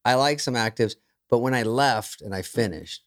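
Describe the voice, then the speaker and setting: A man's voice: medium pitch, normal speed. A man telling stories as a guest comedian in a casual podcast chat, acting out other people's lines in changed voices.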